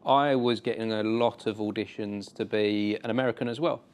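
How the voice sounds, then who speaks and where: A man hosts a conversation, thinking aloud in a calm, reflective way. He agrees often and backs up his guest with soft murmurs of assent. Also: fairly low pitch, brisk. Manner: reflective, agreeing, gentle backchannel. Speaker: host. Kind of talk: interview conversation. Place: theatre.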